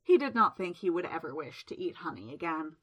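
Lively female storyteller for audiobook; bright, slightly breathy tone. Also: fairly low pitch, a little fast. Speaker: narrator. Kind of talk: audiobook narration.

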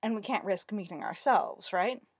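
A man's voice: high-pitched, normal speed, slightly rough, no room sound. A woman voicing a weary, sardonic middle-aged man who answers his friend with dry sarcasm, in a storybook reading. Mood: practical.

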